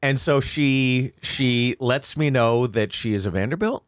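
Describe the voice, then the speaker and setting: A man co-hosts a podcast and tells a long comic story in a relaxed, chatty way. He jumps into quick voices for the people he describes. His voice sits at a middle pitch and is recorded close and dry, with no room sound. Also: smooth, no echo. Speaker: podcast co-host. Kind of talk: casual comedic storytelling.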